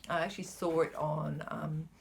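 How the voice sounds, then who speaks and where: A woman's voice: sits low, flat delivery, moderate pace, creaky. A woman, chatting casually as she shows her cross-stitch supplies, rambling a little and sometimes dropping to a whisper. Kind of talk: casual chat showing craft supplies.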